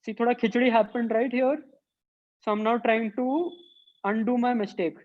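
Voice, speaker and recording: A woman's voice: fairly high pitch, steady tone, normal speed, lo-fi sound. A woman who teaches an online drawing workshop for children and thinks aloud as she sketches. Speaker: art teacher.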